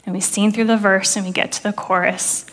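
A woman's voice: mid-range voice, little pitch movement, brisk. Earnest woman preaching testimony. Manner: earnest storytelling, dropping soft for quoted prayers. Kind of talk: sermon testimony. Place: church.

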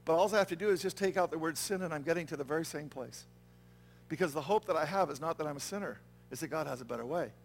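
A man's voice: fairly high pitch, quick pace, creaky, slight background noise. A man preaching a sermon as pastor, earnest and conversational, often checking in with the congregation. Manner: earnest, conversational preaching with frequent "okay?" and "right?" check-ins. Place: church.

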